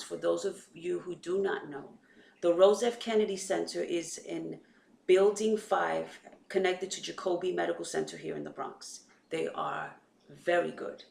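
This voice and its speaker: A woman's voice: lowish voice, creaky, a little mellow, slight background noise. A woman, chatting casually to viewers about her sons and her faith, retelling conversations as she goes. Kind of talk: casual chat to camera. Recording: echoey room.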